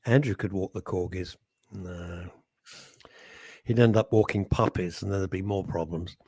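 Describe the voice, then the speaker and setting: Husky-voiced man ranting on radio. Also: sits low, moderate pace, a little mellow, no echo. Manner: chatty, jokey, ranting asides. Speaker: radio show co-host. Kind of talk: casual studio banter. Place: radio studio. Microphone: studio microphone.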